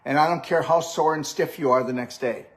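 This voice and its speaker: A man's voice: fairly high pitch, brisk. Upbeat older man coaching with "okay?". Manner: upbeat, coaching, repetitive "okay? all right?". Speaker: host and health practitioner. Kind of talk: live-stream chat with a guest.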